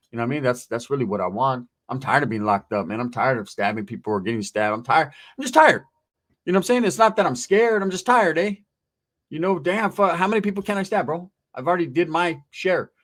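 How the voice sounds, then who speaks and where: Streetwise middle-aged male commentator, fairly high voice for a man, profane, rambling delivery. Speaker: host, commentator.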